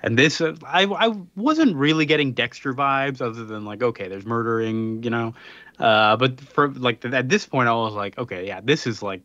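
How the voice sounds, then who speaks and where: A man co-hosting a podcast, casually recapping a comic in a relaxed, rambling way with lots of fillers. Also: mid-range voice, normal speed, no echo, dull audio. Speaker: podcast co-host.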